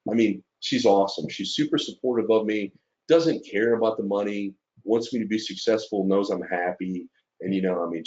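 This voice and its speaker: A man with a fairly low voice gives a casual webinar talk about his trading. He speaks earnestly and emotionally, full of fillers and little "right?" check-ins. The audio sounds dull and lo-fi. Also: a little mellow. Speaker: trader presenting to fellow students.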